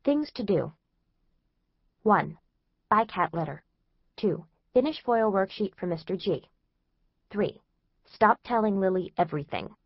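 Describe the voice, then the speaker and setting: A woman's voice: mid-range voice, lively intonation, a little slow, vocal fry, pauses often, breathy edge, no room sound, dull audio. A woman narrating a first-person teen diary in a chatty, anxious, exasperated way. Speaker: audiobook narrator.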